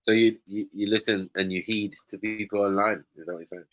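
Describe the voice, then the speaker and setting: A man's voice: on the low side, steady tone, a little fast, dry recording, dull audio. A man hosting a casual stream chat, teasing and probing his guest.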